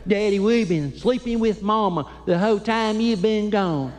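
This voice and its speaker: Casting: man putting on high-pitched little boys, pleading with Daddy, heard in a big echoing hall. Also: normal speed, slight background noise, close to an everyday voice. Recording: live hall with long reverb.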